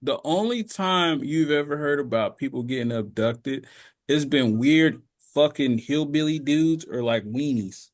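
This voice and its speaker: A man's voice: on the high side, a little slow. A man co-hosting a podcast, chatting casually and telling profane stories full of comic voices. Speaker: podcast co-host. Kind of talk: casual chat.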